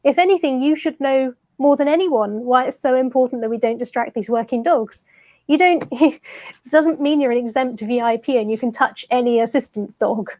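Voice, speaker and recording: A woman's voice: sits high, normal speed, mellow, lo-fi sound. A woman in casual chat about life with her service dog, light-hearted and often laughing as she retells exasperating encounters. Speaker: co-host, service dog user.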